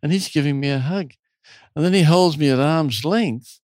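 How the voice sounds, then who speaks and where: A man's voice: fairly high pitch, normal speed, no echo, clean studio sound. Man telling a story with relish. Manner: animated, lively storyteller. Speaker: retreat owner telling stories. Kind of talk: casual storytelling interview.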